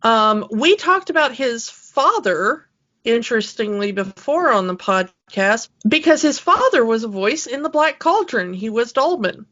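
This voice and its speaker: A woman's voice: on the high side, expressive, a little slow, a bit bright. Chatty woman podcast co-host, lo-fi. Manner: chatty, rambling with frequent fillers and laughs. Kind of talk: casual chat.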